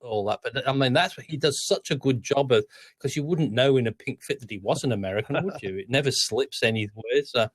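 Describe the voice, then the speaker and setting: A man's voice: mid-range voice, fairly quick, no echo. An Australian man co-hosting a casual podcast chat, talkative and given to repeating words as he starts. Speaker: podcast co-host.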